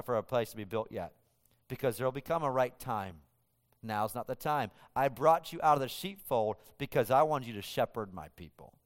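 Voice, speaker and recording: A man's voice: fairly high pitch, clear, resonant tone, big-room sound. A man preaching a sermon, reading scripture aloud and then explaining it with rising emphasis. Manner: reads scripture aloud, then paraphrases God speaking in first person with rising emphasis. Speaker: pastor.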